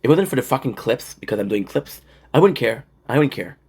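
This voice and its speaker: A man's voice: mid-range voice, a little fast, vocal fry, slightly rough. A young man streaming and telling stories in casual, profane, rambling talk full of fillers. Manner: profane, animated storytelling with frequent fillers.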